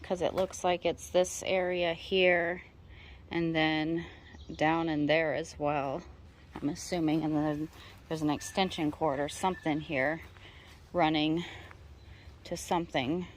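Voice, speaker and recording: A woman's voice: low voice, flat delivery, slow, slight background noise. A woman talking casually outdoors and thinking aloud tentatively while checking over a property. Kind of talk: casual vlog talk.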